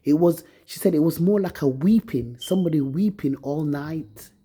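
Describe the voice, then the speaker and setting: Husky woman in a bitter rant. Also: low voice, moderate pace, mellow. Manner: bitter, accusing, swearing. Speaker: vlogger. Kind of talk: angry personal rant to camera. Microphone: phone.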